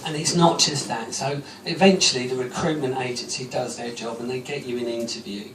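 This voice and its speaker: A man's voice: mid-range voice, steady tone, brisk, a crowd in the background. A man doing a stand-up routine in a small comedy club, rambling and self-deprecating with plenty of ums. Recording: roomy, distant, noisy club recording.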